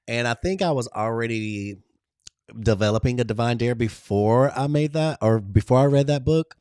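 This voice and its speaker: A man's voice: normal speed, a little mellow, clean tone, no echo, clean studio sound. A man hosting a live stream, giving an emphatic motivational talk full of repeated affirmations and greeting viewers by name. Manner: emphatic, repetitive affirmations with big pitch swings. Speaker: livestream host.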